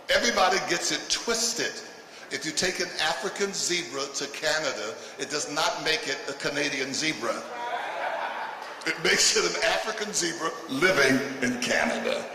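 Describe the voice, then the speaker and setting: A man's voice: on the high side, distant mic. A man doing a stand-up routine for a live audience, punchy and laughing through his own lines as he jabs at the crowd. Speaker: stand-up comedian. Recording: echoey hall with audience noise.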